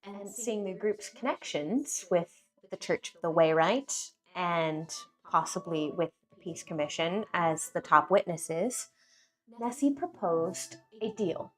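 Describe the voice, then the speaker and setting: A woman game master narrating a recap of the story so far in a measured storytelling manner. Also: fairly low pitch, fairly bright tone.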